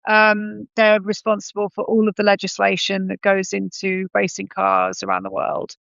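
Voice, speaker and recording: A woman's voice: mid-range voice, monotone, moderate pace, creaky, a bit bright, dry recording, lo-fi sound. A woman in her thirties, a podcast guest, telling her story in a conversational way with frequent ums and self-corrections.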